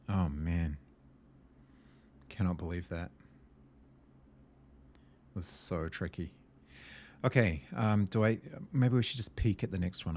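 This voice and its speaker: In this gameplay video, a man talks himself through a puzzle game under his breath, wavering at times and getting excited easily. His pitch is low, and there's a little hiss or hum on the recording.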